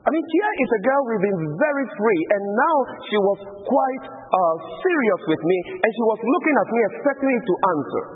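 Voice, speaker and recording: Lively high-voiced pastor on a tinny line. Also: male voice, a little fast, hardly any pauses. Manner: earnest storyteller acting out a dialogue. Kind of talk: sermon storytelling. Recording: tinny phone-like sound with long hall reverb.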